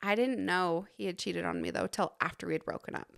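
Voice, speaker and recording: A woman's voice: quick pace, creaky, clear, resonant tone. A young woman from Utah, a podcast guest, telling her story in casual chat and acting out the dialogue. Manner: animated storytelling, acting out dialogue in a raised pitch.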